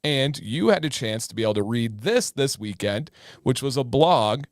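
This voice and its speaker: A man's voice: mid-range voice, lively intonation, moderate pace, no echo, studio quality. A man co-hosting a casual livestream, enthusiastic as he retells stories and brings up viewer comments. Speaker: livestream co-host.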